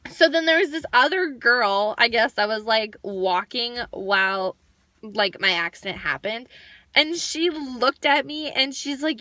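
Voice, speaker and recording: A young woman vlogger telling a story in a chatty, animated way, saying "like" constantly. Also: a little high, measured pace, no echo. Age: young adult. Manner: chatty, heavy use of "like", animated retelling. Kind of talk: storytime vlog.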